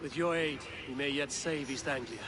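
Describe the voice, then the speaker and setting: A man's voice: medium pitch, normal speed, background noise, natural voice. An actor playing a resolute male warrior in a medieval game, speaking in a firm, commanding way.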